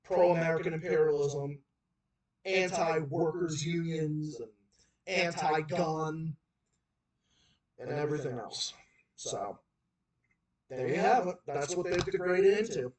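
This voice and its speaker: A man with a Boston accent rants through a livestream in a fairly high voice, piling on emphatic repeats and false starts. He sits some way from the mic, so the room's echo rings around his words. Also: slow pace, long pauses, darkish tone. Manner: heated, repetitive, emphatic ranting with many restarts. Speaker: livestream host. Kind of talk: political rant on a livestream. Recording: roomy echo, far from the mic.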